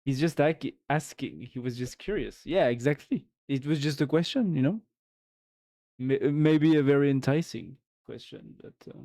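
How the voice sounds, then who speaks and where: A man's voice: mid-range voice, normal speed, creaky, mellow. A man with a French accent, a native French speaker, chatting casually on a live stream, laughing often and repeating words as he searches for phrasing. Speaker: livestreamer. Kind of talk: casual chat reacting to a video on a live stream.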